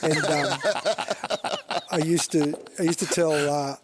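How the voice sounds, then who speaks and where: High-pitched Australian man telling a story. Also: flat delivery, takes it slowly, noisy background. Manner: laughs through his stories, swears freely. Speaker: podcast guest, former rugby league player. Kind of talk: casual chat, storytelling.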